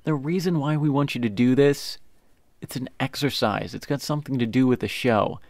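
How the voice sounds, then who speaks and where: A man co-hosting a podcast, speaking in a measured, explanatory way in casual chat. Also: mid-range voice, darkish tone, dry recording, clean studio sound. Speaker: podcast co-host.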